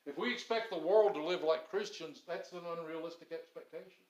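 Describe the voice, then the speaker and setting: Middle-aged man, pastor preaching in a roomy sanctuary, a touch high-voiced, earnest storyteller. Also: brisk, lo-fi sound. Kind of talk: sermon. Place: church sanctuary. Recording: roomy church echo.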